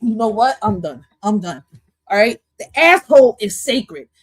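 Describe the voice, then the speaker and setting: A woman streaming casual reaction commentary on an interview clip, loud, profane and playful, dropping in Spanish phrases. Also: mid-range voice, sing-song, moderate pace, husky, no room sound.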